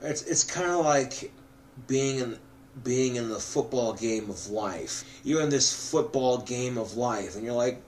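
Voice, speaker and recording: A drunk man rambling to the camera, swearing often and breaking into loud outbursts. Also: mid-range voice, unhurried, slight background noise. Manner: profane, swings into loud outbursts.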